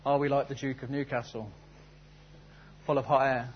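A man's voice: medium pitch, flat delivery, normal speed, muffled recording, a little hiss or hum. A man preaching a sermon, telling a story and then asking earnest, searching questions. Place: church service.

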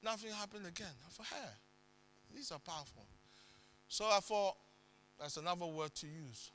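A man preaching a sermon with dramatic swings into sudden loud bursts. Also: sits high, sing-song, normal speed, long pauses.

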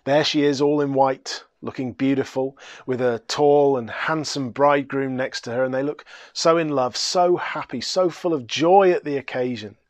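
A man preaching, telling a story dramatically and swinging from hushed to loud. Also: mid-range voice, normal speed, few pauses, no room sound. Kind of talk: sermon storytelling.

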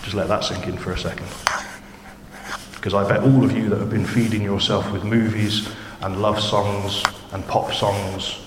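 A man delivers an informal sermon with a fairly low voice, talking to his congregation as if in a chat and checking in with quick questions. The recording is roomy, with a long hall reverb and steady noise underneath. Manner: chatty, conversational, asks the congregation questions. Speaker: preacher. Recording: echoey hall with background noise.

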